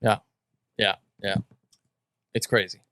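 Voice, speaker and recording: A man's voice: lowish voice, level tone, slow, sharp tone, no room sound. A man co-hosting a podcast, chatting casually and laughing along.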